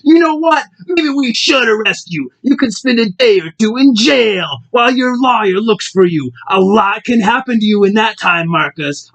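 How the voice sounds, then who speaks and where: A man's voice: high-pitched, a bit bright, voice pushed up, full character voice. A bullying male cop in a storybook reading, his voice raised and threatening, as a man puts him on. He speaks aggressively and menacingly.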